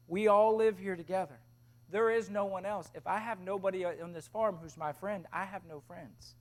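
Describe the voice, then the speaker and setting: Male preacher, very high voice, animated storytelling sermon, hushed to loud. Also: normal speed. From Tennessee. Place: chapel service.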